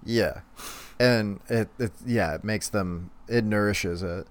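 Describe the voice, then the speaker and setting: A man casually recapping a cartoon episode on a podcast, unhurried and full of fillers. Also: fairly low pitch. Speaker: podcast co-host.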